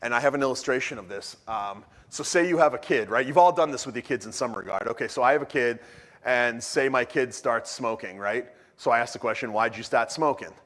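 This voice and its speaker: A man giving an energetic, joking talk at a church conference, often restarting his sentences. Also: mid-range voice, brisk. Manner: animated, joking, frequent restarts. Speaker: conference speaker. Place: church hall. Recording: long hall reverb.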